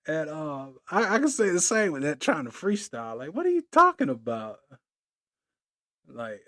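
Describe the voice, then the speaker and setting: A man's voice: a little high, huge pitch swings, moderate pace, bright, forceful tone. A man hosts his own podcast. He talks loose and playful, drifting into little rhymes and easy chuckles. It's a casual solo monologue. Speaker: podcast host.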